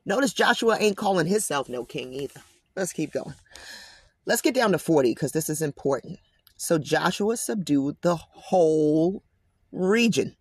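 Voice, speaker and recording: A man's voice: fairly high pitch, husky, dry recording. A man reading scripture aloud and commenting on it in a casual, emphatic way, often addressing listeners as guys. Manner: emphatic, slangy asides. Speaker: Bible commentator.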